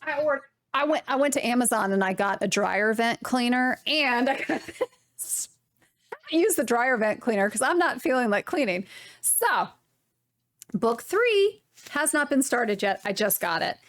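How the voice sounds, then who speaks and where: A young adult woman hosting a knitting podcast, chatting casually in a rambling, animated way. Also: fairly high pitch, normal speed, no echo. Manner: rambling, animated, swearing mildly. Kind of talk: casual chat to camera.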